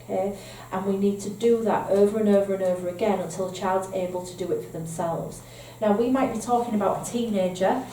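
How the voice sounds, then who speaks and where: A woman's voice: mid-range voice, fairly quick, warm tone, a little hiss or hum. A woman with a Northern English accent giving a training presentation to foster carers, explaining points patiently and checking in with "okay?". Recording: echoey room, mic at a distance, faint ambience.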